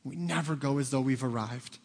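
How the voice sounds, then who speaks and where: A man's voice: mid-range voice, a little fast, vocal fry. A man preaching a sermon as pastor, earnest and pleading, lifting his voice when he quotes scripture. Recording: long reverb of a large hall.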